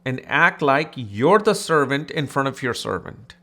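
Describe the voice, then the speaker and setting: Animated man teaching astrology. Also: mid-range voice, measured pace. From India. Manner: animated, conversational, mimics people in anecdotes. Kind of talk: casual astrology lesson.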